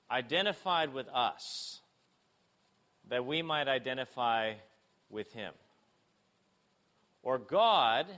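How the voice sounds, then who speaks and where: A man preaching a sermon, asking rhetorical questions and moving between emphatic and hushed delivery. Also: a little high. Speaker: pastor.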